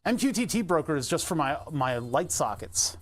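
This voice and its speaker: Slightly high-voiced man rambling on stream. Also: very animated, normal speed. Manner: chatty, thinks aloud, laughs often; talks while pedaling an exercise bike. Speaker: Twitch streamer. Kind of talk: rambling casual live-stream chat.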